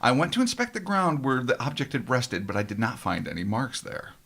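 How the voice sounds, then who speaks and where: A podcast co-host reading a strange encounter aloud, mock-dramatic and wry, with profane asides. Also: male voice, mid-range voice, very animated, brisk, vocal fry, a bit bright. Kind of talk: reading a paranormal story with sarcastic asides.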